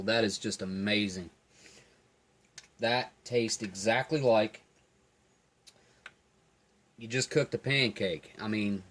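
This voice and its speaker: A man giving a relaxed, enthusiastic tasting review of field rations, talking while he eats. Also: medium pitch. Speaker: food reviewer. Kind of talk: casual food review.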